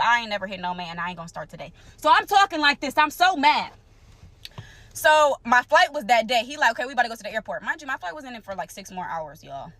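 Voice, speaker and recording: A young woman with a bright, fairly high voice tells a personal story to her phone. She is animated and conversational, swinging from loud outbursts to quiet asides. The sound is dry and close. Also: no room sound. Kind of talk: casual storytime to camera. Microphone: phone close to the face.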